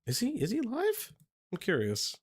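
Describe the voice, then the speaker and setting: A man hosting a live-stream drama commentary in a casual, profane way, with restarts and a voice going hoarse. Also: sits high, wildly swooping pitch, normal speed. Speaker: streamer host.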